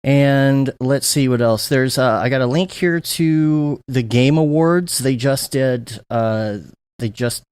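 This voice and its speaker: A man's voice: medium pitch, takes it slowly, darkish tone, smooth, no room sound. A man hosting a podcast, chatting casually and rambling with fillers and restarts. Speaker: podcast host. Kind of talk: casual chat.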